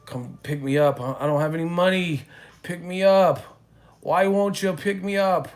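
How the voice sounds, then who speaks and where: A man voicing a frantic drugged-up man who begs loudly and whines. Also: on the high side, brisk, pitched above the performer's own voice, lightly acted. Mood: pleading. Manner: loud, pleading, whiny.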